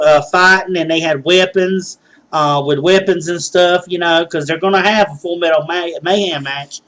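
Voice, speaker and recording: A man hosting a wrestling results show, recapping matches in a casual, rambling way with many fillers and restarts. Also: on the high side.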